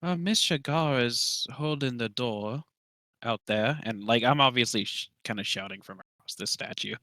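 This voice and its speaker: A man's voice: medium pitch, moderate pace, bright, forceful tone, dry recording. A man playing a tabletop game, chatty and playful as he talks through his turn. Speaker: player. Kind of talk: casual tabletop play.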